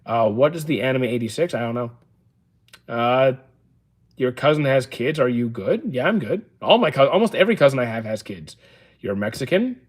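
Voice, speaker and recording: A man in his thirties hosting a livestream, reading out chat questions and answering them in a calm, dry, matter-of-fact way with frequent "uh"s. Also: medium pitch, moderate pace. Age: 30s. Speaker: livestream host.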